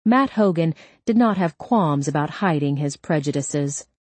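A woman narrating a crime audiobook at a slow, deliberate pace. Her voice sits low and steady, and the recording is dry and close with no room sound. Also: no echo. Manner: steady, measured storytelling.

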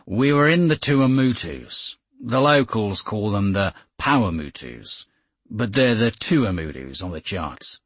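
A man's voice: on the low side, animated, slow, no room sound. A man reading an audiobook, voicing a haggard Australian sailor of about forty who tells his story in a broad, easygoing way. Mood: easygoing yarn. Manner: broad, easygoing yarn-spinning.

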